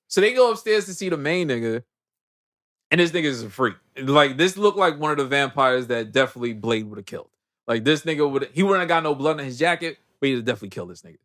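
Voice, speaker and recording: A man's voice: on the high side, quick pace, a bit bright. A young man casually recapping a movie on a podcast, acting out the characters and laughing as he goes. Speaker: podcast host.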